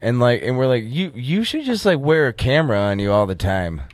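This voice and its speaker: A man co-hosting a casual chat, telling a story in a halting, rambling way and swearing freely. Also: medium pitch, sing-song, dry recording. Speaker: podcast co-host.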